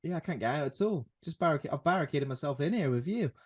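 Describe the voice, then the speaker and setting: A man, co-hosting a podcast and recapping a horror film in a relaxed, hesitant way. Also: on the high side, quick pace, slightly rough. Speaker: podcast co-host. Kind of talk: casual film recap chat.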